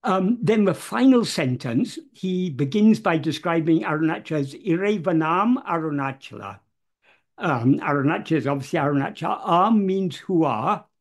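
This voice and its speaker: A man unpacks a devotional verse one word at a time in an unscripted talk, speaking with a somewhat high, animated voice. He stays measured and careful, frequently stopping on fillers and correcting himself.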